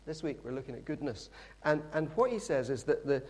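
A middle-aged man delivers a sermon as a lively, conversational story. His voice sits somewhat high for a man, and he drops in friendly asides to the listeners as he goes. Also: fairly quick. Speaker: preacher.

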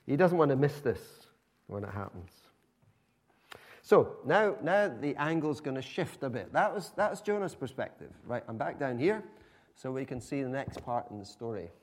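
A man's voice: mid-range voice, a little mellow. A man preaching a sermon in a conversational, emphatic storytelling manner.

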